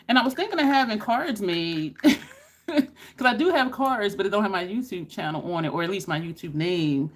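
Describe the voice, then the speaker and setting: Middle-aged woman, animated pitch, casual storyteller on a makeup vlog. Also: a little fast. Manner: chatty, storytelling, addresses viewers as y'all. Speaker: beauty YouTuber. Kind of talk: casual makeup chat with stories.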